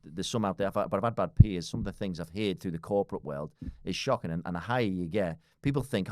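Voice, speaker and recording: A man's voice: low voice, quick pace, hardly any pauses, darkish tone, no echo, clean studio sound. A man in his forties with a British accent, talking bluntly as a podcast guest, swearing freely and laughing often. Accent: British English. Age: 40s. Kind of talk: casual podcast conversation.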